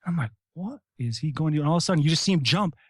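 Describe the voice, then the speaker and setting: Animated, profane American man telling war stories. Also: on the high side, rapid-fire, slightly rough, dry recording, studio quality. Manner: animated, profane, shouts out quoted lines. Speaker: guest, retired Army Ranger. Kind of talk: casual storytelling.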